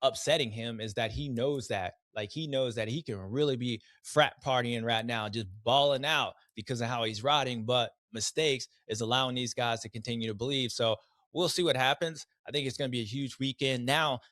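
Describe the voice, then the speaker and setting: Animated man recapping a race. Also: mid-range voice, moderate pace, no room sound, clean studio sound. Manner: animated, acts out riders' voices in quotes; rambling, restarts, slang. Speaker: podcast host, former racer.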